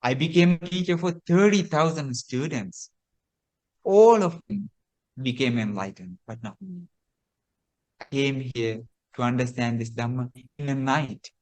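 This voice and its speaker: A man voicing a grieving elderly male monk who laments in a halting, desperate way. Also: mid-range voice, darkish tone, pitched below the performer's own voice, lightly acted. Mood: lamenting.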